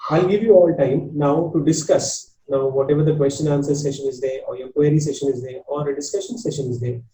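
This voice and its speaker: A man's voice: fairly high pitch, warm tone, roomy sound, distant mic, low-quality recording. A man with an Indian English accent teaching a spoken English class, talking in an earnest, repetitive coaching way. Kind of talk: online class lecture.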